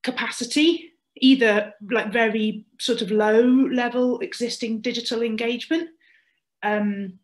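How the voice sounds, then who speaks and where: A woman's voice: fairly high pitch, fairly even intonation, unhurried, poor audio. A woman reporting back for her group in a webinar, speaking casually on a video call with many fillers and restarts.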